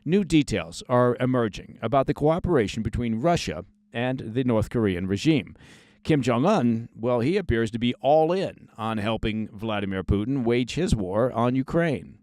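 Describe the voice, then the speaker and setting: A man's voice: mid-range voice, expressive, normal speed, darkish tone, no echo, studio quality. A man hosting a scripted news briefing, reading the stories in a conversational way with short asides and stressed key words. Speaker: news podcast host.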